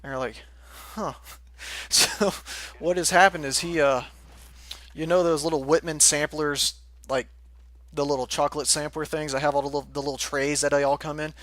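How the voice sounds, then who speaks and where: A man's voice: a little high, steady tone, normal speed, fairly bright tone, no echo. A young man casually telling a rambling story, laughing often and swearing freely. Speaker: forum moderator telling a story.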